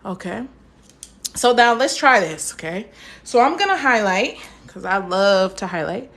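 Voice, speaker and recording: A woman's voice: mid-range voice, animated, measured pace, fairly bright tone. A young woman teaching a live math lesson, chatty and encouraging, stopping to answer viewer comments.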